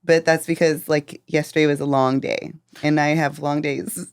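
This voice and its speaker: A young woman with a low voice talks casually as a podcast guest, laughing lightly between her thoughts. Her voice is close and dry, with no room sound, and she often pauses on an "um". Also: flat delivery, clear, resonant tone, no room sound. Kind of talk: casual interview chat.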